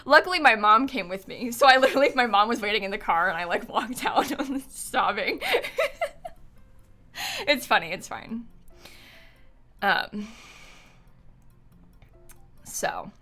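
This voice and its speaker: Bright-voiced young woman streamer, rambling. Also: medium pitch, moderate pace, pauses often. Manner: rambling, many fillers, nervous laughs. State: shaken, near tears. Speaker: game streamer. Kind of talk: casual live-stream chat. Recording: faint music behind.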